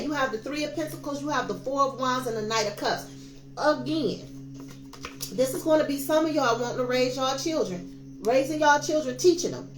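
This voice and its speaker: Woman in her fifties, tarot reader, preachy and emphatic, high voice, echoey room with soft music behind. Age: 50s. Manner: emphatic, preachy, addresses viewers as y'all. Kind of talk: casual tarot reading monologue.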